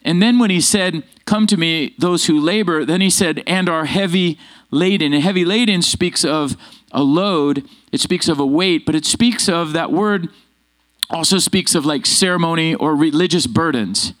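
A man's voice: fairly high pitch, normal speed. A male pastor preaching a sermon to his congregation, calling out to the crowd for responses. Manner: lively, calls out to the congregation. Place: church sanctuary with congregation.

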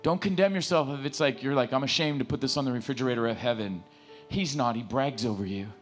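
A man preaching in a church, pleading and repeating his phrases with stammering restarts as he leads the room in prayer. His voice sits in an ordinary middle range. A guitar plays quietly underneath. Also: mid-range voice, quick pace. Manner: impassioned, repetitive, stammering restarts. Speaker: pastor. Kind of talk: sermon with altar call and prayer. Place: church sanctuary.

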